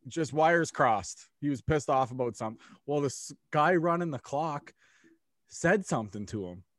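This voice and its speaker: Young man, casual storyteller, profane and animated, dry close sound. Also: on the high side, moderate pace, no room sound. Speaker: storyteller among friends. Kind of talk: casual chat.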